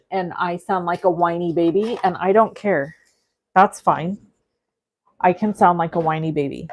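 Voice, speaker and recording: A woman hosting a live card-making stream, chatting casually and thinking aloud as she works and reads viewer comments. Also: medium pitch. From California. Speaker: crafting livestream host. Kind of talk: casual live crafting demo.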